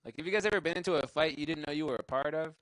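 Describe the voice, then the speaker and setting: This young comedian's voice sits a little high and comes out very fast with a slightly bright edge. He meanders through a profane, loosely built set at a live venue, cracking himself up along the way, and the rough recording has a dry mic sound without echo.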